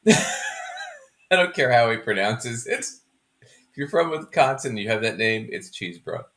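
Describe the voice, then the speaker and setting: A man's voice: medium pitch, lively intonation, a little slow, fairly bright tone. A man hosting a podcast in a casual, joking chat, laughing often as he talks. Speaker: podcast host.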